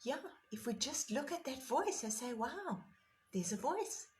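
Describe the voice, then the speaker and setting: A woman meditation teacher giving a guided meditation talk, gentle and unhurried, sometimes easing into soft whispers. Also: high-pitched, big pitch swings, a little hiss or hum, rough recording.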